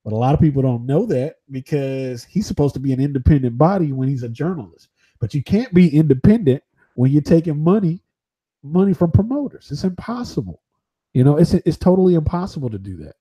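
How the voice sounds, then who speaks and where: Boxing pundit guy on a livestream, kinda high voice, keeps restarting his sentences. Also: expressive, warm tone, breathy edge, highs cut off. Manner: halting, with frequent restarts. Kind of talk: casual livestream debate.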